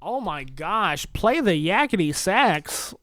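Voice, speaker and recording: A young man doing a sarcastic solo comedy monologue, his pitch swinging widely as he plays mock-pleading and mock-concerned. It is a dry, close podcast recording with no room sound. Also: very animated, slow, fairly bright tone, no echo. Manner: sarcastic, mock-pleading, laughing at own jokes. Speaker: podcast host.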